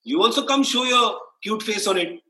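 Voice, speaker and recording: A man with an Indian English accent, a sports anchor telling lively anecdotes as a guest, acting out quotes and laughing often. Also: sits high, moderate pace, reverberant, poor audio. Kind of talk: casual storytelling interview.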